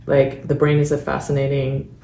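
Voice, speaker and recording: A woman's voice: rumbling low, monotone, moderate pace, creaky, mellow. A woman hosting a podcast interview, telling stories in a chatty way and acting out the people she quotes. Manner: chatty storyteller, acts out quoted voices. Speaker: podcast host and founder. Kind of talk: casual interview chat. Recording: echoey room with faint background noise.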